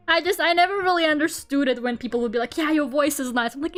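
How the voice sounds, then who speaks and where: Young woman with a Russian accent, native Russian, high and chatty, rambles and laughs a lot, soft music underneath. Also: fast talker, few pauses. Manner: rambling, laughs often, lots of fillers. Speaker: streamer. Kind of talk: casual chat while drawing on stream.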